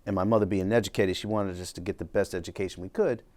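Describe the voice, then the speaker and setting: Low-voiced middle-aged male executive. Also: steady tone, darkish tone. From Brooklyn, New York. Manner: measured, reflective, acts out quoted dialogue. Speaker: interview guest, executive. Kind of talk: conversational storytelling.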